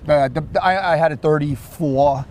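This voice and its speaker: New York surf fisherman, lively raised voice, outdoors with faint background noise. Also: on the high side, moderate pace. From Queens, New York. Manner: animated storyteller with repeated words and restarts. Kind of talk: casual chat.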